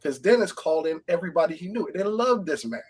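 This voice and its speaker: A man's voice: fairly high pitch, animated, fast talker, slightly rough. A man on a casual podcast panel who talks eagerly and urges the others on. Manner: eager, urging.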